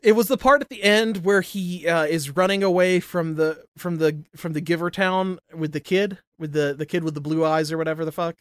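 Brief: young male co-host, slightly high voice, close dry mic, profane animated rants. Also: fairly quick, hardly any pauses, no echo. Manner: animated ranting, heavy swearing, laughs often. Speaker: podcast co-host. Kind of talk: casual profane chat.

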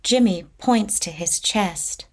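A woman reading stage directions in a plain, measured narration. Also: medium pitch, a little mellow.

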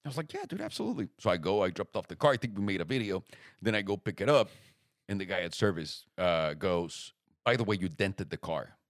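A young man telling a story in casual chat, lively and swearing freely, acting out the other people's lines. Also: deep voice, brisk, no echo, studio quality. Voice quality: animated storyteller, swears freely, acts out quoted voices.

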